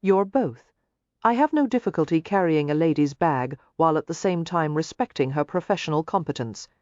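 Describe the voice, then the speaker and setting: A woman voicing a confident, teasing Irish man, speaking in a put-on warm brogue in an audiobook. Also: animated, a little fast, no echo, muffled recording. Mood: calm. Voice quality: warm, low and resonant in brogue. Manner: teasing, matter-of-fact.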